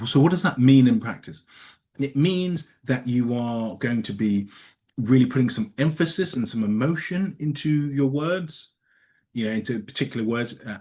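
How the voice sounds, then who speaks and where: A man's voice: fairly low pitch, a little mellow. A man from Nigeria giving a talk at a conference, speaking conversationally, often restarting words and putting questions to the audience. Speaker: conference speaker teaching communication. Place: conference room.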